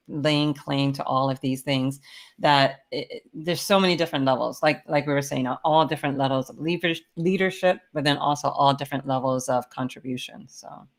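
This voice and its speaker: A woman on an online panel speaks in a notably low voice. She works through her points reflectively, often pausing on "you know", and her voice comes through a video call. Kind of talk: virtual panel discussion.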